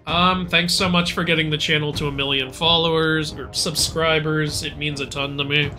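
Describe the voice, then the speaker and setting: A man's voice: fairly high pitch, level tone, moderate pace, pushed and bright. A man in his late twenties co-hosting a livestream, reading out chat messages and laughing often. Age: late 20s. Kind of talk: casual stream chat.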